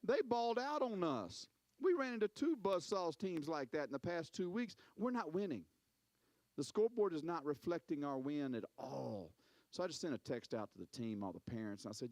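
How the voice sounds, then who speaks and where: A man preaching a sermon as a pastor, telling stories in an animated way, repeating words and acting out quotes. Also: fairly high pitch, normal speed, dry recording.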